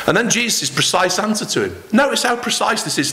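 Animated, bright-voiced male preacher. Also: a little high, fast talker, few pauses. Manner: animated preaching, acting out quoted lines. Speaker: pastor. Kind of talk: sermon. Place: church.

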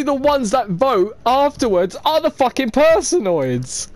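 A man's voice: very high voice, big pitch swings, a little slow, hardly any pauses. A man, streaming a multiplayer game and swearing, laughing and accusing other players. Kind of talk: casual game chat.

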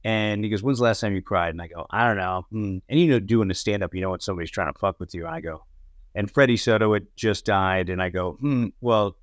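A podcast co-host and actor with a low voice tells stories from film and TV sets in casual chat, talking fairly quickly in a loose, animated way. He swears freely and acts out other people's lines. The sound is dry and close, with no room noise behind him.

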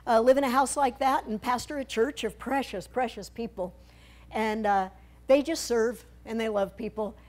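In a church sanctuary, a woman with a slightly mellow voice on the high side speaks at a moderate pace to the congregation about a mission trip. She walks through her slides conversationally and with humor, adding playful asides.

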